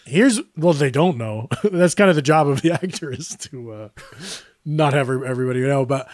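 A man's voice: mid-range voice, fairly quick, darkish tone, no room sound, studio quality. A man co-hosting a podcast, telling rambling, self-deprecating stories and laughing often. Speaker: podcast co-host. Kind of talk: casual chat.

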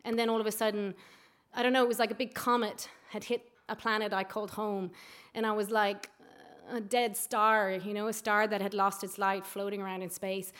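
A woman's voice: mid-range voice, little pitch movement, a little fast, fairly bright tone, smooth. A young Irish woman tells a true story from her own life at an open mic night. She talks in a loose, chatty way, leaning on "like" and "you know". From Ireland. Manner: conversational, lots of "like" and "you know". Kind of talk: live personal storytelling.

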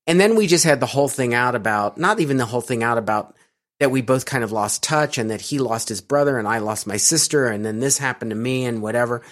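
A man's voice: medium pitch, quick pace, a bit bright. Middle-aged American man, casual interviewee, rambling delivery full of ums and restarts. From United States. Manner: rambling, with many fillers and restarts.

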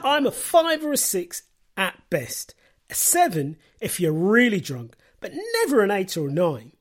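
A man's voice: sits high, sing-song, a little slow. A man, a comedian delivering a wry, self-deprecating comedy podcast monologue.

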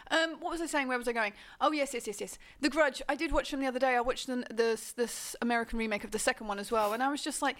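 Giggly high-voiced English woman chatting. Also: fairly bright tone. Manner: giggly, rambling, quick to laugh. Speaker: podcast host. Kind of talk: casual chat.

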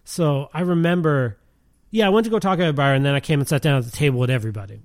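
A man's voice: on the high side, quick pace, darkish tone, no echo, studio quality. A man telling a story in casual chat, rambling with lots of fillers and laughing as he goes.

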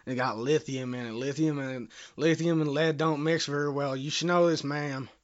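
A man's voice: on the high side, fairly even intonation, normal speed. A man with a Southern US accent making a prank phone call, rambling, bumbling and cursing as he talks. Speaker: prank caller.

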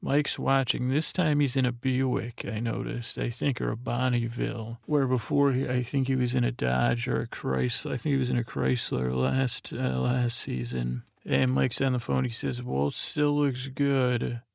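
A man's voice: mid-range voice, little pitch movement, moderate pace, vocal fry, hardly any pauses, no echo, studio quality. A man hosting a bedtime podcast, rambling through a meandering, drowsy recap meant to lull listeners to sleep. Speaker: podcast host.

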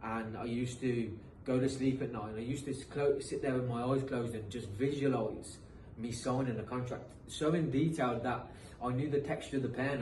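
Recorded from a bit back in an echoey room with faint hiss, this English footballer in his thirties recounts his football journey as an interview guest. He speaks earnestly and motivationally, loosely and conversationally, restarting phrases often, in a medium-pitched, slightly mellow voice.

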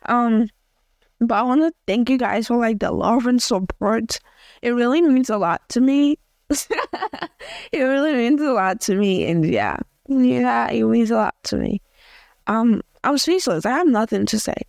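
A woman's voice: a little high, expressive, moderate pace, creaky, darkish tone, no room sound, studio quality. A young woman from Africa hosting a casual audio journal podcast, chatty and rambling with many fillers and restarts. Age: young adult. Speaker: podcast host.

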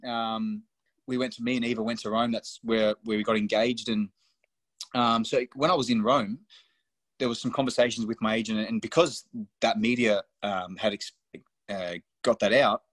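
A man's voice: mid-range voice, normal speed, a bit bright, no room sound. A young man from Australia, a guest on a podcast, telling stories in loose, blunt, swearing chat. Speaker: podcast guest, professional footballer. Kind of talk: casual storytelling chat.

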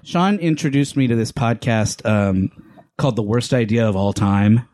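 A man's voice: medium pitch, moderate pace, darkish tone. A man in casual group chat, explaining things at length with a joking manner.

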